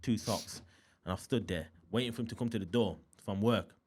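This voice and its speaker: A man's voice: on the low side, fairly quick, a little hiss or hum. A man from Birmingham with a Birmingham accent, an interview guest telling a story in casual, slangy talk and acting out the scenes. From Birmingham, England. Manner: animated, slangy, acts out scenes.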